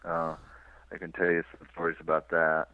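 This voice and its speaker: A man from California, a touring cyclist, telling his road stories on a radio interview in a relaxed, rambling way. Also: sits low, moderate pace. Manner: relaxed rambling storyteller with restarts and small laughs. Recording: tinny dry phone line.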